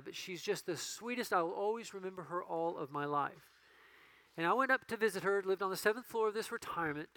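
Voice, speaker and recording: A male pastor giving a conversational sermon that rises to emphatic peaks and drops to quiet storytelling. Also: high voice, dry recording, poor audio.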